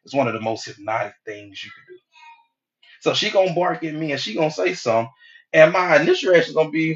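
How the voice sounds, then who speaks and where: A man's voice: fairly high pitch, lively intonation, quick pace, dull audio. A middle-aged man giving a casual, preachy motivational talk as a hypnotherapist, acting out quoted people as he goes.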